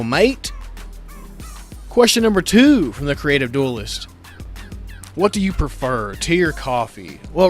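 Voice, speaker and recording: Guy doing a q&a vlog, hyped and slangy, mid pitch, faint music behind. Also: a bit bright. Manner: enthusiastic, slangy, repeats set phrases. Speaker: channel host answering viewer questions. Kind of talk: casual Q&A vlog.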